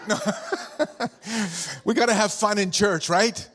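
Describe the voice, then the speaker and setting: Man, middle-aged pastor, slightly high voice, chatty, playful storytelling sermon, long hall reverb. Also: lively intonation, a little slow, pauses often, a bit bright. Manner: jokey, chatty, asks the room questions. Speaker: pastor and district superintendent. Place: church hall with a live congregation.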